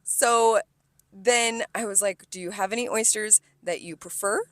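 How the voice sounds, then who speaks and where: A woman's voice: mid-range voice, moderate pace, dry recording. A woman co-hosting a podcast, telling a story about a rude restaurant customer in casual chat, swearing a lot and acting out the quotes. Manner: animated, profane venting with acted-out quotes. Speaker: podcast co-host, server.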